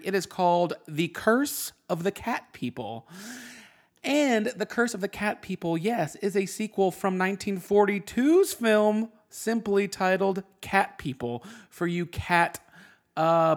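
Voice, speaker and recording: A man hosting a podcast, reviewing films in a casual, animated, jokey way and swearing freely. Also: sits high, vocal fry. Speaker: podcast host.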